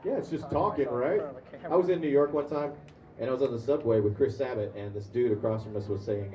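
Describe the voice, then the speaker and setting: This convention panelist, a voice actor who also draws comics, speaks at a medium pitch and a slightly fast clip, with the highs cut off. Recorded through a distant mic in an echoey room, he spins casual stories for the crowd, restarting often and using lots of fillers.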